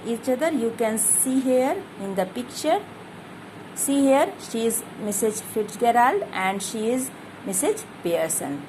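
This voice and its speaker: A woman teacher explains a play's scene very slowly, stopping to define each difficult word. Her voice sits fairly high and she often restates her points. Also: lively intonation, a little mellow, a little hiss or hum, low-quality recording. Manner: explains hard words one by one, repeats herself. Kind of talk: explaining a play to students.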